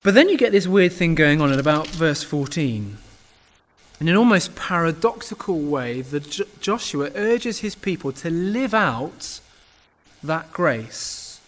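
A man delivers a sermon in a church with earnest emphasis. His voice sits a touch higher than most men's, and he leans hard into key phrases, occasionally restarting a word. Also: sing-song, a little slow. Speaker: preacher.

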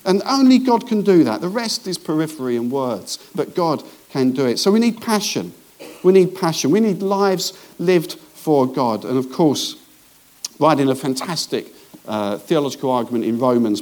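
A man preaching a sermon as pastor, swinging between hushed asides and rising emphasis, with jokey remarks to the congregation. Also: fairly high pitch, expressive, moderate pace.

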